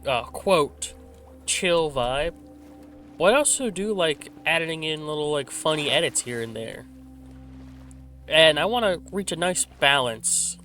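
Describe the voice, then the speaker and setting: A medium-pitched man with a sharp tone hosts an easygoing gaming channel, rambling through his play commentary. He corrects himself and has a slight stutter, and talks into a desk mic fitted with a simple filter.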